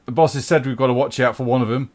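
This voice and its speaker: A man voicing an aggressive male cult thug who shouts threats and demands. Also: medium pitch, fairly even intonation, racing, natural voice. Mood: threatening.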